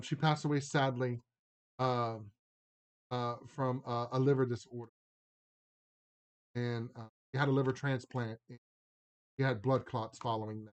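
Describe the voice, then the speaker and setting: A man from the Lafayette area of Louisiana with a Cajun accent, chatting casually on a live stream and doing a card reading. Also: mid-range voice. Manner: chatty, rambling, drawling "y'all", laughs often.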